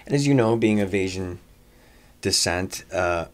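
A man's voice: low voice, lively intonation, a little slow. A man who runs restaurants, telling personal stories in a conversation, with lots of "uh" fillers and restarts. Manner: long anecdotes with frequent "uh" fillers and restarts; swears casually. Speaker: restaurateur guest.

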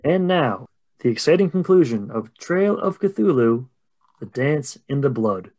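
A man running a tabletop horror game as game master, narrating in a relaxed way full of fillers. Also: medium pitch, unhurried, poor audio.

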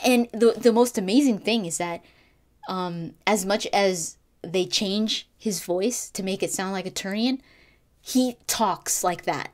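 A woman talking casually as a gaming vlogger, gushing and excitable, with frequent restarts and fillers. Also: medium pitch, unhurried. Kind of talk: casual fan commentary.

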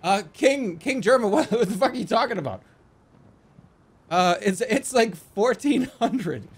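A man streaming a game, chatting with viewers in a joking, animated way with sudden yelled outbursts. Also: high voice, a little slow, husky. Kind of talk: livestream gaming chat.

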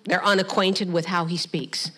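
A middle-aged woman pastor preaches with a bright, forceful voice. She keeps it lively, dropping joking asides and briefly acting out the people she quotes. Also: on the low side, normal speed. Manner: animated preaching with humorous asides; acts out quoted voices in passing. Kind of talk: sermon.

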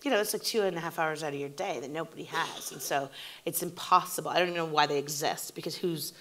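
A woman's voice: sits low, fast talker, slight background noise. A woman in her forties, a TV showrunner, telling stories in an onstage interview and acting out what people said. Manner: animated storytelling, acting out quotes. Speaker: TV showrunner and guest.

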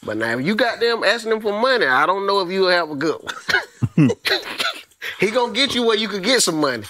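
A man's voice: sits high, sing-song, brisk, bright, forceful tone. A man co-hosting a comedy podcast, teasing his friends in casual, profane banter and laughing often. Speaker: podcast co-host. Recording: noticeable background noise.

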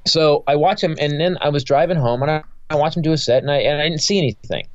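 A man's voice: fairly high pitch, quick pace, no room sound. Male comic guest, fired-up and foul-mouthed, stumbles over his words; dull, dry podcast sound. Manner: profane, heated, rambling with many restarts. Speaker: guest comedian. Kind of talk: casual podcast interview storytelling.

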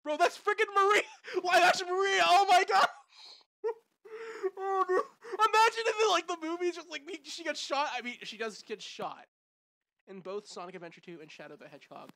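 A young gaming channel host reacting to a movie trailer, hyper and loud, shouting and laughing. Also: extremely high pitch, moderate pace, gravelly, no room sound, clean studio sound. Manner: hyper, shouts and laughs, lots of "bro" and "oh my gosh".

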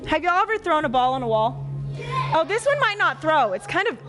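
Very high-voiced animated woman preaching to children. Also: fairly quick, music in the background. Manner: animated, asks the kids questions and acts out quotes. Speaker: children's pastor. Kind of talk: live children's sermon. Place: church hall.

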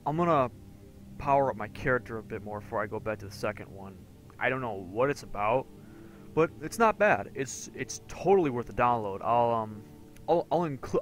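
A man chatting casually over a game playthrough, crude and rambling with plenty of swearing. His voice sits in an ordinary middle pitch. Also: expressive, a little fast, soft background music. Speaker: gamer commentating a playthrough. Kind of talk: casual let's-play commentary.

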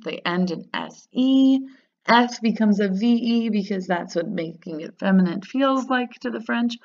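A woman teaching a recorded grammar lesson, upbeat and patient, repeating words slowly so they sink in. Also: medium pitch. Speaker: French teacher. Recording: dull lo-fi sound.

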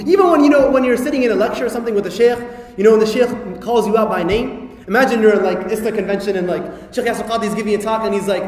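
A man giving a lively religious talk to an audience, full of rhetorical questions and playful asides. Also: high voice, very fast. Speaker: Islamic lecturer. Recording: echoey hall reverb.

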